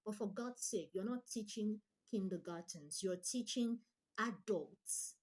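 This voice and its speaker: With a medium-pitched, slightly mellow voice, a female online tutor delivers a forceful lesson. She repeats key points on purpose to stress them.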